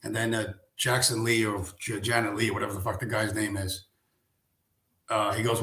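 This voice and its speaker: A man's voice: fairly low pitch, little pitch movement, moderate pace, fairly bright tone, reverberant. A man hosting a live stream, ranting in a casual way, sarcastic and profane, firing off rhetorical questions.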